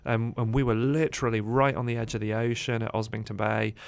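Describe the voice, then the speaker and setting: A man's voice: medium pitch, level tone, a little fast, gravelly, clear, resonant tone. A man, a guest on a radio interview, telling his life story in a rambling way with many fillers, recorded in a studio.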